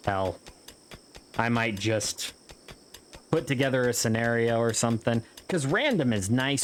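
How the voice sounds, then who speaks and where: A man's voice: mid-range voice, a little hiss or hum. A man giving casual, rambling gameplay commentary, joking around and swearing freely as he plays. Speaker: gameplay video host.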